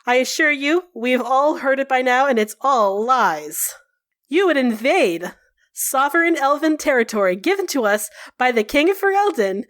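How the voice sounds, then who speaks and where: A woman voicing a defiant young woman elf who speaks sharp and scornful. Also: high-pitched, lively intonation, normal speed, voice pushed up.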